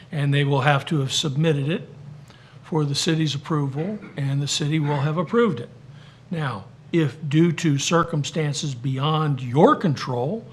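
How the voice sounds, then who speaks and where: Measured man handing down a ruling. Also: fairly high pitch. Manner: measured, formal, matter-of-fact. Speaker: special magistrate. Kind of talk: issuing a ruling at a hearing. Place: hearing room.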